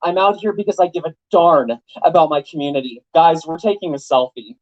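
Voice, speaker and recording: A man's voice: a little high, brisk. Man, young adult, rally speech, joking, rhetorical questions, dull lo-fi sound. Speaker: political activist speaker. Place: event venue with live audience.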